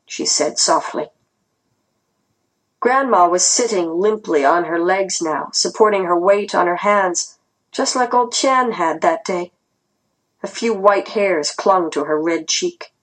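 A woman narrating a first-person story aloud in a tense, earnest reading voice with a husky grain. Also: fairly low pitch, measured pace, rough recording. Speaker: audiobook narrator.

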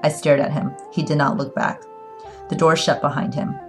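A woman narrating a story in the first person, reading in a measured, earnest way. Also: sits low, little pitch movement, faint music behind. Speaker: audiobook narrator.

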